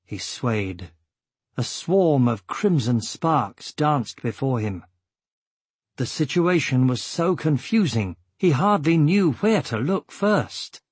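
Husky-voiced man narrating slowly. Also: medium pitch, expressive, darkish tone, no room sound. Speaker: audiobook narrator. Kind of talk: scripted narration.

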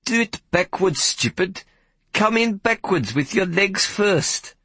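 A man putting on a foul-mouthed, imperious big woman, barking orders in an audiobook. The voice sits high and swings widely, with a bright, slightly husky edge. It is recorded close and dry. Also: expressive, slow pace, no room sound, exaggerated voice. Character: coarse, loud, bossy big woman. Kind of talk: audiobook character voice.

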